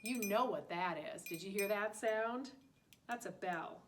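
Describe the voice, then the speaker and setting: A woman's voice: mid-range voice, unhurried, background noise. A woman teaching a listening lesson to preschool children, talking in an exaggerated, sing-song way.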